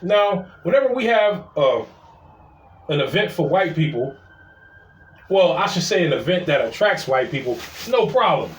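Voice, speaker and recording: Animated male storyteller, high voice, casual; roomy, distant recording. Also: moderate pace. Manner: animated, repeats "I was like". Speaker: storyteller, city parking attendant.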